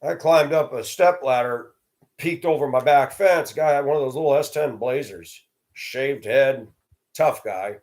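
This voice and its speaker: A man's voice: mid-range voice, normal speed, a little mellow. Blunt, plainspoken middle-aged man. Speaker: storyteller host. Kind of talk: personal storytelling monologue.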